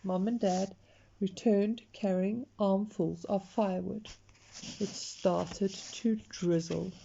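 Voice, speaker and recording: A woman reads a picture book aloud, slowly and expressively, talking straight to the listener. Her voice is mellow and unhurried, and the recording sounds dull and lo-fi. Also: mid-range voice, creaky, a little hiss or hum. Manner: slow, expressive, talks to the listener. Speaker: storyteller.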